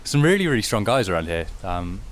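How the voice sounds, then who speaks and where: Easygoing British man, low voice. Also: sing-song, fast. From South Wales. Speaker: guest rider, doctor. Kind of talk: casual interview chat. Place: outdoors on a bike ride.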